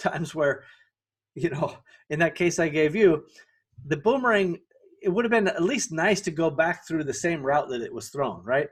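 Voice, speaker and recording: A middle-aged man hosting a podcast and giving a solo business lesson in a conversational way, often checking in with the listener. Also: a little high. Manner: conversational, keeps asking "right?" to the listener; self-correcting, with fillers and restarts. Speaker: podcast host.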